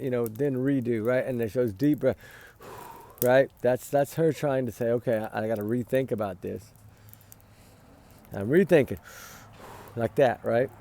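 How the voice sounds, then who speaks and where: Tired man, dark gravelly voice, rambling casual opinion talk, for a commentary spot. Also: mid-range voice. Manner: rambling, repeats "right?", sighs and yawns. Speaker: commentator on a missing-child case.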